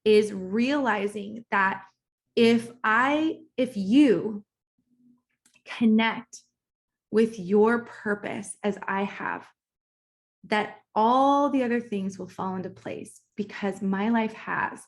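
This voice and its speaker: A woman's voice: medium pitch, takes it slowly. A woman in her thirties speaks as a business coach, telling her own story for a recorded course lesson. Her talk is candid and conversational, with restarts and fillers. She grows emotional and emphatic as she gets to her sense of purpose. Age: 30s. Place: at home, kitchen nearby.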